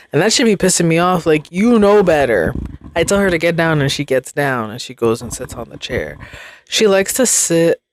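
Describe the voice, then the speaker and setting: A woman's voice: rumbling low, no echo. A young adult woman hosting a podcast, rambling in casual chat with slang and frequent laughs. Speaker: podcast host.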